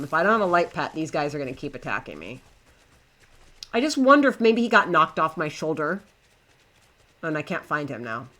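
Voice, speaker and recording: A young woman is streaming a game live, giving gameplay commentary while flusteredly chatting away to herself and her in-game pets. Her voice is fairly low-pitched, with a pushed, bright quality.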